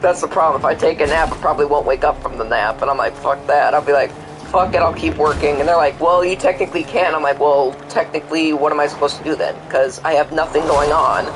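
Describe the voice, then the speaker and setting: Chatting while he games, this young streamer has a voice on the high side, a steady tone, and a quick pace, with background noise behind him. He's rambling and profane, playing out both parts of the exchanges he quotes.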